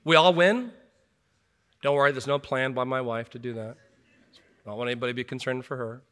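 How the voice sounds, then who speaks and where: A man's voice: medium pitch, fairly quick, fairly bright tone, clean tone. A middle-aged man preaching a sermon as pastor, earnest and full of rhetorical questions with wry asides. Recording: long hall reverb.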